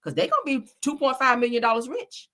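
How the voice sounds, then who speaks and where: A woman's voice: sits high, big pitch swings, fast, sharp tone. A woman hosting a casual chat, reading live comments in a sassy, dramatic way and swearing often. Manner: sassy, dramatic, swears a lot, calls viewers baby and child. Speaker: host.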